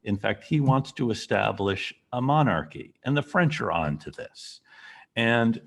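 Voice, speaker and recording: A man's voice: mid-range voice, very animated, unhurried, gravelly. A man giving a classroom history lecture, telling the story and asking the class questions.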